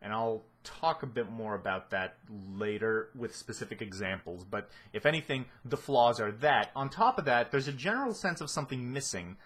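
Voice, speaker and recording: A man's voice: mid-range voice, expressive, normal speed, hardly any pauses, fairly bright tone, husky. A man giving a casual spoken analysis of a series, rambling with many restarts and fillers and a sardonic edge. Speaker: video essayist.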